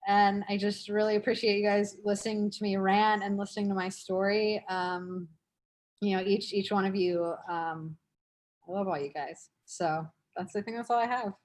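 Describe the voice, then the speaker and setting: A young woman speaks in a casual, heartfelt way about her recovery. She stumbles, restarts and leans on fillers as she goes. Her pitch sits mid-range for a woman. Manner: halting, many fillers and restarts. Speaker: speaker sharing recovery story. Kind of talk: casual emotional sharing.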